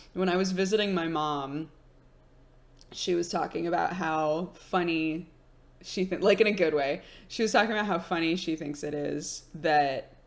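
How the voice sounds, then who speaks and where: A young woman streamer chatting casually with her live chat, telling stories with lots of fillers and giggles. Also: lowish voice.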